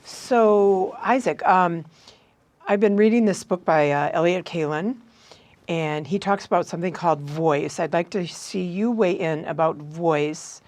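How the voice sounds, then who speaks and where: Low-voiced woman interviewer, attentive. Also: measured pace. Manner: attentive, frequent soft affirmations. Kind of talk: casual interview.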